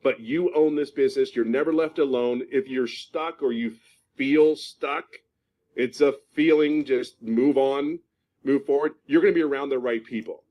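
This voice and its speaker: A man in his fifties from California gives a fervent testimonial about his work life. He is emphatic, circling back and repeating phrases to drive them home. His voice sits at an ordinary middle pitch. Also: normal speed, highs cut off. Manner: emphatic, repeats himself for stress. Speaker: program member giving a testimonial. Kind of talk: passionate spoken testimonial.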